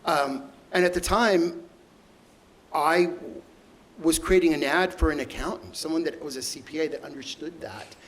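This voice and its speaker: A middle-aged man telling emotional stories as a guest onstage, halting and stumbling over repeated words. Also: fairly high pitch, poor audio. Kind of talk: emotional storytelling conversation.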